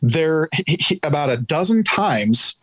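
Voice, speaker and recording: A man's voice: fairly high pitch, very animated, measured pace, husky, no echo, rough recording. A man being interviewed as a guest, telling a story in a conversational, earnest way to explain an idea.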